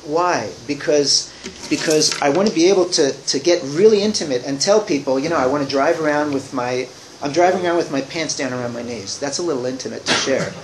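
A man's voice: a little high, fairly quick, roomy sound, background noise. A man speaking informally to a group at a recovery meeting in a room, rambling and restarting his sentences with wry humor.

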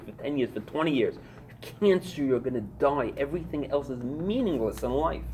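A man's voice: mid-range voice, mellow, slight background noise. A middle-aged man sharing his recovery story at a fellowship meeting, in an intense, emphatic way and hammering his points home through repetition.

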